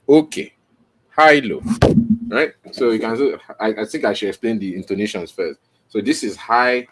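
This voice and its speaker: A man hosting his own podcast, explaining in a rambling, self-correcting way and checking in with "right?" as he goes, recorded on a camera mic indoors. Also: fairly low pitch. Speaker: podcast host. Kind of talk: casual explainer, teaching on camera.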